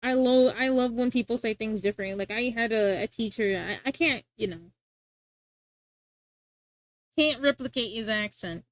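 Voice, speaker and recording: A young woman streams and chats casually in a slightly high voice. She rambles, restarts her sentences and reacts to her chat. The sound is dry and close to the mic. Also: moderate pace, long pauses, dry recording.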